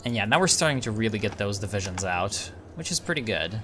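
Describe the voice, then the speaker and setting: A man's voice: fairly low pitch, lively intonation, fast, fairly bright tone, slight background noise. A man giving casual, rambling commentary on his strategy gameplay, thinking aloud and restarting sentences. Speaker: gaming video creator.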